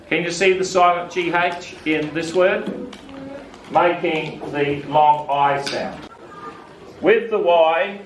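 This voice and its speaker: A man teaching phonics to a student, patiently explaining vowel sounds and asking questions. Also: a little high. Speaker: reading teacher. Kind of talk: classroom phonics lesson. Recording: echoey room, from a distance, faint hiss.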